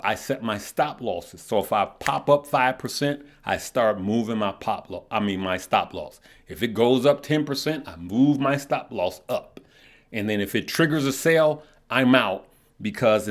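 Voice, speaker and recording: A middle-aged man hosting a live stock market show, talking loosely with viewers, often repeating words and checking in with "right?" and "okay?". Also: mid-range voice. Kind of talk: casual live-stream chat reading viewer comments.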